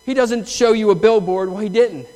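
High-voiced man giving an earnest testimony. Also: normal speed, a little mellow. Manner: earnest, emotional storytelling. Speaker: church member giving testimony. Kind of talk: testimony sermon. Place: church sanctuary. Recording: long reverb of a church hall.

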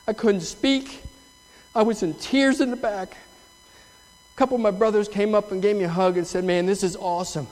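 A man's voice: high voice, fairly even intonation, moderate pace, a little mellow. A man giving an earnest, emotional testimony in a church sanctuary, telling his story from the front. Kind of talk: testimony sermon. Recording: long reverb of a church hall.

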